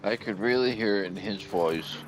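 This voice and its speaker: A man's voice: lowish voice, moderate pace, background noise. A man chatting casually on a gaming stream, giving long rambling explanations with frequent restarts. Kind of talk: casual chat.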